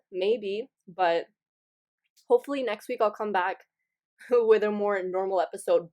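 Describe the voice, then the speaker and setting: Young woman, podcast host, giggly, rambling, self-mocking, casual story time. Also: medium pitch.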